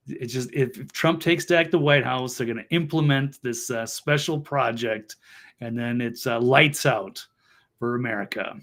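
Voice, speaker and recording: Deadpan sarcastic male talk show host. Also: medium pitch, normal speed. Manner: deadpan irony, frequent fillers.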